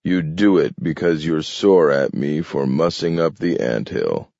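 A man playing a calm, menacing strongman who speaks slowly and taunts coolly. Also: a bass voice, gravelly, no echo, muffled recording, exaggerated voice. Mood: taunting. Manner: slow, cool, taunting.

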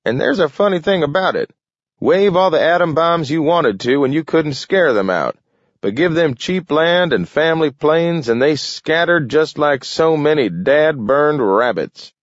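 A garrulous old war veteran speaks in a raised, lively voice, all folksy rambling and excitable asides, as put on by a man reading a storybook. The recording is dull and dry. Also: fairly high pitch, measured pace, no echo, pitched above the performer's own voice. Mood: wry.

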